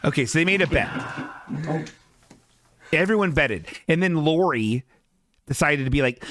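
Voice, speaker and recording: A man's voice: a little high, animated, moderate pace, pauses often, fairly bright tone, no room sound. Sarcastic, profane man riffing. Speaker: podcast host. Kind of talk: casual live commentary over a TV show.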